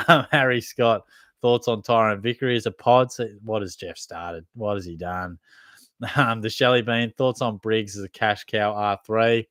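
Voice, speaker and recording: A man's voice: lowish voice, a bit bright, dry recording. An Australian man hosting a casual live-stream Q&A, reading chat questions aloud in a laid-back, jokey way, laughing often and swearing casually. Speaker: fantasy footy livestream host. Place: at home.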